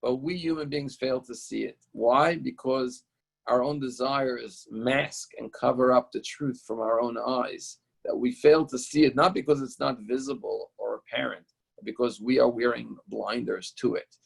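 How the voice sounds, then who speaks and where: A man's voice: medium pitch, fairly even intonation, normal speed, vocal fry, slightly rough, rough recording. A male rabbi teaching a Torah lesson, retelling a story in an explanatory, storytelling way.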